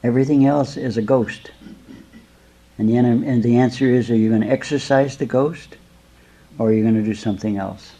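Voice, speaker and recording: Husky-voiced man giving a slow spiritual talk. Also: medium pitch, steady tone, warm tone, poor audio. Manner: slow, rambling, addresses listeners as beloved. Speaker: spiritual teacher.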